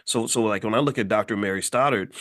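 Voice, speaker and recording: A man's voice: on the low side, fast talker, fairly bright tone. A middle-aged man from Kentucky hosting a motivational commentary monologue, blunt and emphatic, repeating words as he drives home each point. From Louisville, Kentucky, USA. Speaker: host.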